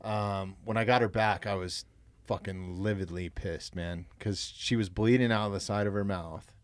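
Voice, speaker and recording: A man's voice: fairly low pitch, fairly even intonation, normal speed, no room sound. A man hosting a podcast in casual chat, loose and frank, swearing casually.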